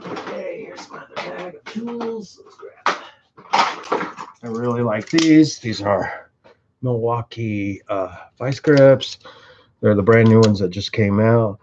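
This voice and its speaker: His medium-pitched voice has lively intonation but a slow pace as he works through a casual, meandering demo of his workshop tools, full of jokes and curses. He's a tool and engine video maker. Heavy background noise fills the muffled recording, where clicking stands out clearly.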